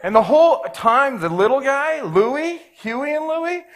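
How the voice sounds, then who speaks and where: Male pastor, forties, lively sermon storyteller, high for a man. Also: a little slow. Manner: animated, acts out every voice in his story.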